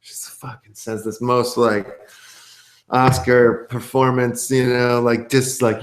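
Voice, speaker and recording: A man's voice: mid-range voice, level tone, slow pace, echoey room. A man co-hosting a casual podcast, giving a rambling, profane recap of a movie. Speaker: podcast co-host.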